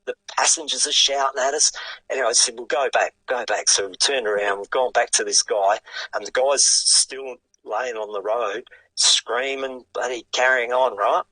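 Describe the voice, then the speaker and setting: An older man with an Australian accent, a guest telling a story in a lively, casual way and swearing freely. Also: mid-range voice, normal speed, no room sound, low-quality recording. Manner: animated yarn-spinning with casual swearing. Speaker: guest, retired sidecarcross racer.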